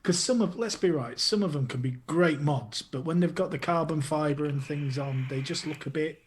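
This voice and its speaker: A man's voice: a little high, normal speed, slight background noise. A man hosting a casual live stream chat, chummy and calling people darling. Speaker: show host.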